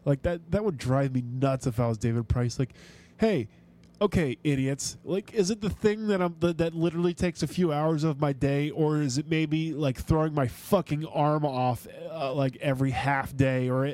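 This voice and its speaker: A man's voice: on the high side, mellow. A man hosting a sports podcast, chatting casually and ranting with swearing and frequent restarts. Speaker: podcast host.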